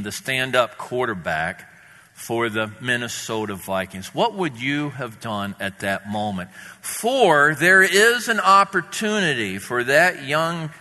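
A man preaching a sermon, opening with a prayer and then telling a story in a measured, vivid way. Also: medium pitch, pushed and bright. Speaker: pastor. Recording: long reverb in a hall.

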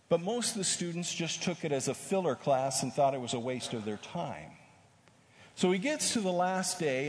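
A male preacher telling an animated story in a sermon, recorded in a large hall. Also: a little high. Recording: echoey hall with faint noise.

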